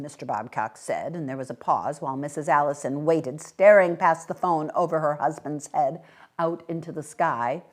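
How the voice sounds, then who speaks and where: A woman reading a short story aloud at a library event, with expressive, animated delivery. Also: low voice, normal speed. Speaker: guest reader.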